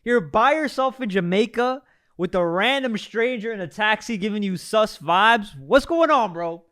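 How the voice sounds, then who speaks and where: A man gives casual reaction commentary, teasing and excitable, with lots of slang. His voice is high and smooth, and it comes through cleanly. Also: normal speed. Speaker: reaction host.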